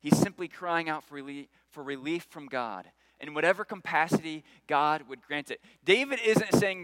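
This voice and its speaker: A man's voice: on the high side, normal speed, hardly any pauses, fairly bright tone, no echo, poor audio. A man preaching a sermon, earnest, repeating key phrases and rising when he voices prayers. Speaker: pastor.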